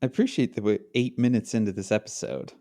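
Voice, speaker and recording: A man's voice: lowish voice, fast talker, warm tone. A man co-hosting a podcast from a hotel room over a video call, talking in a dry, wry way with short reactions. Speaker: podcast co-host. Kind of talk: casual comedic chat. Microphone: handheld mic on a video call.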